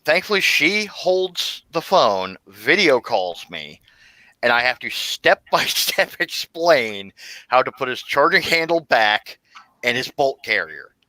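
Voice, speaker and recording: A man hosting a casual chat, telling a story with lots of swearing and energy. His voice is bright, and the sound is dry and close. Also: mid-range voice, takes it slowly, dry recording, rough recording. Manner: animated, profane storyteller.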